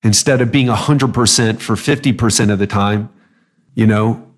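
A man's voice: lowish voice, moderate pace. A middle-aged man hosting a solo podcast in a casual, conversational way, acting out little quoted voices now and then. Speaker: podcast host.

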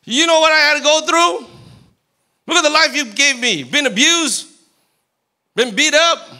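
A man's voice: unhurried, full character voice. A man acting out a wailing self-pitying believer. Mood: whining. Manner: high, loud, whining cries.

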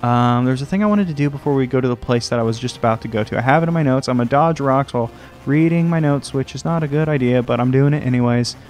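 A man hosting a let's play, rambling and joking at himself, often jumping into a high sing-song voice. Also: fast, a little mellow, faint music behind. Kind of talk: casual gameplay commentary. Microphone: desk microphone.

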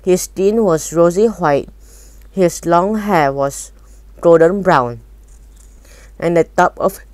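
A woman narrates a children's novel aloud in a calm, even manner. Her voice is lowish and mellow, and the reading is slow and deliberate. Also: dry recording. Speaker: storybook reader.

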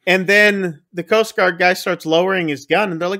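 A man casually recapping a film on a podcast, acting out the lines with big jumps in pitch. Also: fairly even intonation, moderate pace, vocal fry, sharp tone. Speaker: podcast co-host. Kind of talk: casual movie recap chat.

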